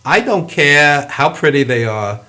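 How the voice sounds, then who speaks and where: Middle-aged man, show host, opinionated, pitch swings up and down. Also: a little slow. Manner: lively, opinionated, fillers and restarts. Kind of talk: casual interview chat.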